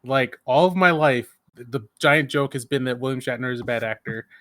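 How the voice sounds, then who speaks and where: A man's voice: medium pitch, fairly quick, a bit bright, no room sound. A man co-hosting a casual podcast chat, speaking eagerly but hesitantly, with many fillers and restarts. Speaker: podcast co-host.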